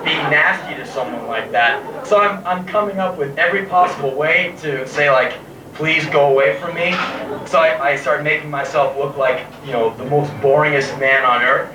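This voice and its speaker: A man's voice: fairly high pitch, normal speed, a crowd in the background. A man in his thirties telling a sarcastic, self-mocking story live on a pub stage and swearing freely. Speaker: spoken word performer. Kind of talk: live spoken word storytelling. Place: pub stage in front of an audience. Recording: echoey, distant, noisy live bootleg tape.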